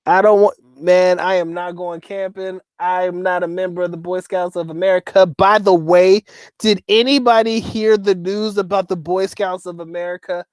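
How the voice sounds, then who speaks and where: A man's voice: high voice, fairly even intonation, moderate pace, smooth, no echo. A man hosting a casual livestream, reading chat comments aloud and joking with heavy profanity and frequent laughter. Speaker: host reading live chat.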